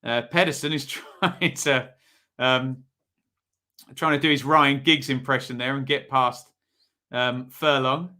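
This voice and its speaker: A man's voice: medium pitch, fairly even intonation, slow pace, long pauses, pushed and bright. A man with an East Anglian accent hosting a live football watch-along, giving chatty running commentary and reacting to viewers in the chat.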